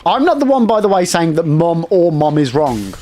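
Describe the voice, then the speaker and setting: An excitable man streaming a hard game live, chatting with viewers between fights. His voice sits a bit high and swings widely in pitch. Faint noise runs under it. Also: moderate pace.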